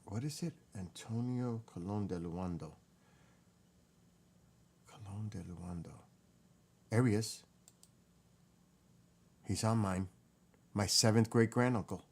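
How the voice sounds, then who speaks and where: Male vlogger, very low voice, emotional and excitable, casual talk to camera at a computer. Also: measured pace, long pauses. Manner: emotional, excited, muttering while reading. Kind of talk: casual vlog, researching family tree.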